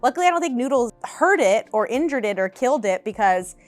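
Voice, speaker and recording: A woman in her twenties, a vlogger in her apartment, telling animated, casual storytime chat and laughing often. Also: fairly high pitch, brisk, no echo.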